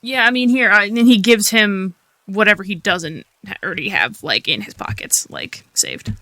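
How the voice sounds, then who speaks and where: Player in a tabletop game, halting and rambly, bright voice, dry sound. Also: mid-range voice, expressive, no room sound. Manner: hesitant, with many fillers and restarts. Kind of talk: casual tabletop game play.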